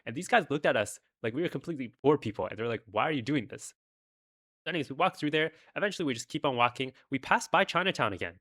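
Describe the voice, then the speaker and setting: A man's voice: a little high, lively intonation, racing, few pauses, sharp tone. A young man casually telling a rambling personal story, with many fillers.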